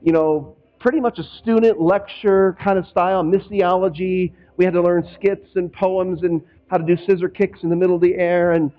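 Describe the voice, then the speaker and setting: A man's voice: high voice, steady tone, moderate pace, few pauses, narrow, tinny audio. A man preaching as a pastor in a conversational way, from Northwest Indiana, slipping into quoted voices now and then. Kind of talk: sermon.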